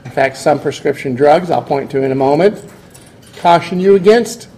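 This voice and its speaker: A man's voice: a little high, animated, moderate pace, dark tone, a little hiss or hum. A man giving a classroom lecture, explaining step by step and putting questions to his students.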